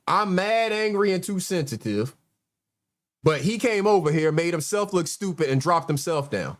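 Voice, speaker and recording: A man's voice: sits high, lively intonation, moderate pace. A man hosting a livestream, commenting on played clips in a sarcastic, exasperated way. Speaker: host.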